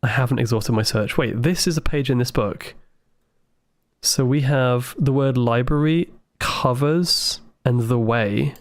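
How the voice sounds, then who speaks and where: A man livestreaming a puzzle game, thinking aloud with excited asides to his chat. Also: mid-range voice, measured pace, no room sound. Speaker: game streamer. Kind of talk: live gameplay commentary.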